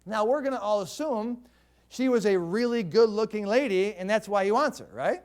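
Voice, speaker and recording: Pastor guy giving a sermon, fairly high voice, chatty storytelling. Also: animated, normal speed. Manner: conversational storytelling preacher.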